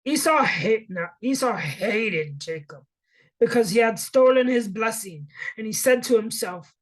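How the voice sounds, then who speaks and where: A woman reads a Bible story aloud and then retells it in her own casual words. She talks slowly with plenty of fillers and restarts, in a fairly high voice. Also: expressive, rough recording. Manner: halting, many fillers and restarts.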